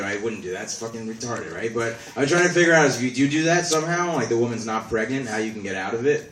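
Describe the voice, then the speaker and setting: A man's voice: medium pitch, lively intonation, very fast, fairly bright tone, a little hiss or hum. A young man doing a rambling, self-deprecating stand-up set full of swearing, recorded on a phone from the audience. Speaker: stand-up comedian. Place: small comedy venue. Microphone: phone camera from the audience. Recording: echoey room, distant phone recording.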